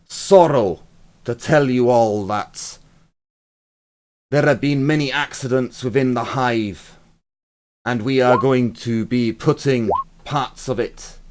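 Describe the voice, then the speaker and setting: A stern, loud military lord commander with a put-on Scottish accent, as a man puts him on, proclaiming to a crowd in a tabletop game. His voice is raised and commanding. The delivery is slow and weighty. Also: mid-range voice, a little hiss or hum, voice pushed up, close to an everyday voice. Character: angry male military lord commander giving a speech.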